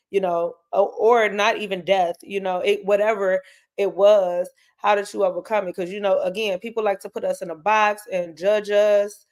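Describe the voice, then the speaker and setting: Woman in her 30s, tearful live-stream host, speaks candidly to her viewers. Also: mid-range voice. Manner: candid, emotional, talks straight to her chat. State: tearing up. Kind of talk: casual live stream chat.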